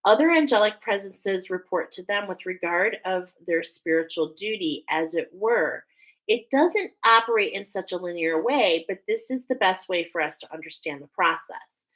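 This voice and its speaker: A woman's voice: medium pitch, animated, moderate pace, fairly bright tone, low-quality recording. A woman hosting a spiritual oracle card reading, talking effusively and often emotionally. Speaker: angel oracle card reader.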